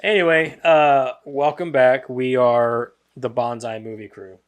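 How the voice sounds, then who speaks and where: A man's voice: mid-range voice, measured pace. Rambling male podcast host. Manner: rambling, self-described monotone. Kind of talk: casual podcast chat.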